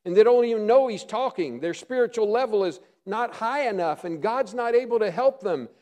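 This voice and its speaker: A middle-aged male pastor preaching a sermon, earnest, often dropping to a hush for emphasis. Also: high-pitched, lively intonation, moderate pace.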